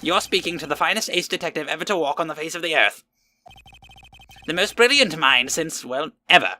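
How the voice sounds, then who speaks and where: A man's voice: fairly high pitch, expressive, brisk, bright, forceful tone, faint music behind, voice pushed up. A man voicing a boastful, pompous adult male detective who calls himself the finest ace detective. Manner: pompous, grandiose.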